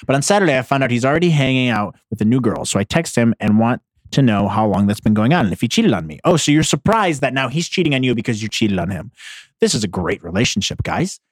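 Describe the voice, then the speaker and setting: A man's voice: mid-range voice, very animated, quick pace, no echo, studio quality. A man hosting a casual comedy podcast, reacting to online posts with blunt, sarcastic, profane commentary. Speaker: podcast host. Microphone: headphones on, close mic.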